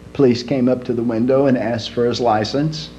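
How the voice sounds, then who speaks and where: A man telling jokes in a folksy, unhurried storytelling manner. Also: mid-range voice, fairly even intonation, warm tone. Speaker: joke teller. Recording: dull lo-fi home recording with faint hum.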